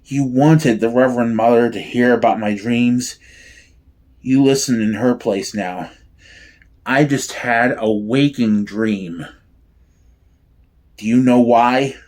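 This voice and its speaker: A man reading aloud and voicing a bitter, intense teenage nobleman, speaking slowly and heavily. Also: mid-range voice, darkish tone, lightly acted.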